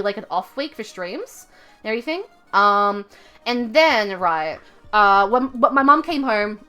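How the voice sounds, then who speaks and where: A young woman livestreaming from home, telling a rambling story full of fillers and self-corrections in a chatty, expressive way. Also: medium pitch. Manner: chatty and expressive, laughing at her own story. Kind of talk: casual livestream chat.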